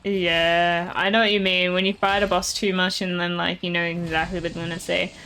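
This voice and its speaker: A woman streamer giving casual gameplay commentary, chatting and reacting out loud, laughing easily. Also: fairly low pitch, level tone, a little fast, clear, resonant tone, low-quality recording.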